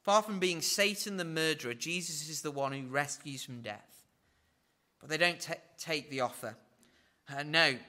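At normal speed and with a sharp tone, a man gives verse-by-verse Bible teaching, performing the quoted lines with wide pitch shifts and adding dry asides.

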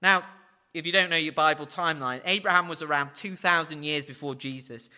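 Speaking a little fast in a pushed, bright voice, a man gives verse-by-verse Bible teaching. He acts out quotations with large swings in pitch and offers wry asides.

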